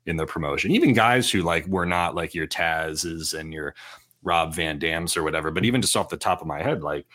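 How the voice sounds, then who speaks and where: A very deep-voiced man hosts a podcast in loose, rambling chat, filling his talk with "like". His tone is bright and forceful despite the low pitch. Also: brisk. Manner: rambling, heavy use of "like". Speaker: podcast host. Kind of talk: casual chat.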